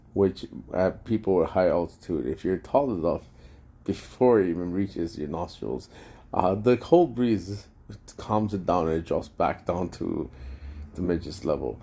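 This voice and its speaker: A man telling a rambling, profane story in a casual vlog rant, full of slang and excited outbursts. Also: sits low, husky. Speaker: vlogger.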